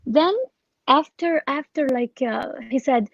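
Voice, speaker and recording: A woman's voice: fairly high pitch, measured pace, no room sound, highs cut off. Hesitant woman telling of a scam. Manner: hesitant, many restarts and fillers. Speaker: scam victim interviewee. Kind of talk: recounting her experience in an interview.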